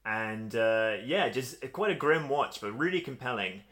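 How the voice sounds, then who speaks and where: Guy co-hosting a podcast, wry and opinionated, mid-pitched, relaxed chat. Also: a little slow. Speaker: podcast co-host. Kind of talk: casual chat.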